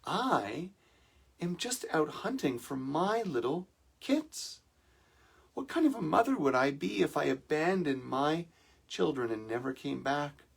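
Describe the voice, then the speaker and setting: A man's voice: a little high, very animated, unhurried, vocal fry, breathy edge, pitched above the performer's own voice, heavily acted. Man doing a coaxing mother mountain lion. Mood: pleading. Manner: sweet-talking, coaxing.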